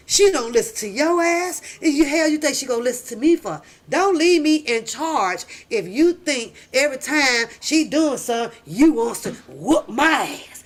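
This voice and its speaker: A middle-aged woman hosting a casual live chat, telling stories loudly, laughing often and cursing freely. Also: high voice, sing-song, moderate pace. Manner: loud, laughing, profane storytelling. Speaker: livestream host.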